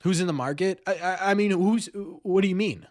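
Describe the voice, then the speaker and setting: A man's voice: sits high, a little fast, a little mellow. A man hosting a live-streamed sports talk show, rambling, repeating words and ending many lines with "right?". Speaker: podcast host.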